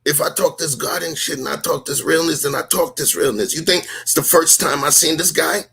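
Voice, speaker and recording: Man, husky gravelly voice, emphatic and rhetorical, heated stream talk. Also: fairly high pitch, fairly quick, bright, forceful tone. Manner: emphatic, rhetorical, street slang. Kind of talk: heated live-stream discussion.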